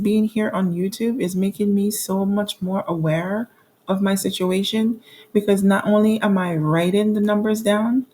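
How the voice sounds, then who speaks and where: A woman's voice: medium pitch, warm tone. A woman in her forties talking candidly through her monthly bills, reading out amounts and laughing at her own troubles. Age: 40s. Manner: reads out bill amounts with frequent restarts and fillers. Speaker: budgeting vlogger. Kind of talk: casual budget walkthrough.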